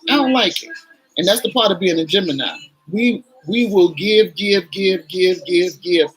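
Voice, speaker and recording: A woman's voice: lowish voice, moderate pace, faint music behind, poor audio. A woman in her forties, a vlogger chatting candidly and emotionally to her viewers while doing her makeup.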